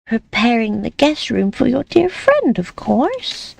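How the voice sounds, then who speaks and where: A woman's voice: a little high, wildly swooping pitch, slow, creaky, slightly rough, voice pushed up, exaggerated voice. A woman voicing a possessive, controlling female caretaker with a cool, insistent, manipulative manner.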